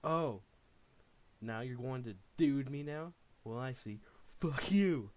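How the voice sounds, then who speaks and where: A man reading aloud and voicing a jealous, hot-tempered young man who yells angrily with his voice jumping high. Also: animated, slow pace, background noise. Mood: furious. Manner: shouting angrily, pitch jumps high.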